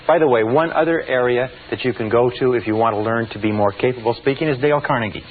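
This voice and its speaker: Male seminar speaker, emphatic and repetitive, on a thin lo-fi tape. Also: medium pitch. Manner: emphatic, repeats phrases slowly for effect. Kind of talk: motivational seminar talk.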